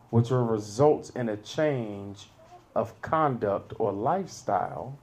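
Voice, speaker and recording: Preacher guy, slow and lively, laughs a lot and gets loud on the big lines. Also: medium pitch. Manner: expressive, laughs between points, rises to loud peaks. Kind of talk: sermon.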